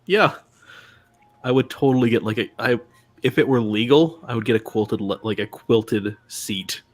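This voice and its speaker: A man's voice: mid-range voice, moderate pace. A man hosting a casual live stream, chatting loosely with many fillers and restarts. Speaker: stream host.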